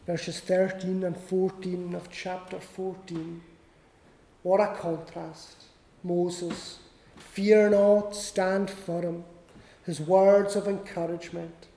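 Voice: medium pitch, warm tone. A preacher delivering a sermon, repeating key lines for emphasis. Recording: echoey hall with long reverb.

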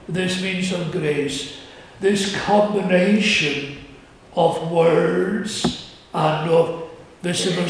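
Male preacher, measured earnest delivery, big church reverb, faint hiss. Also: sits high. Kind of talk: communion sermon. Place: church sanctuary. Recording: very echoey church, distant mic, faint hiss.

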